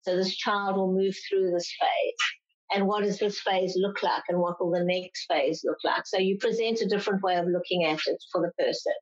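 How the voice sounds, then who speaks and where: A woman's voice: medium pitch, fairly even intonation, normal speed. Explaining woman psychologist, slightly lo-fi. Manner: explanatory, acts out parents' complaints in raised voices. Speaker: clinical psychologist guest. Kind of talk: interview answers. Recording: slightly dull lo-fi sound.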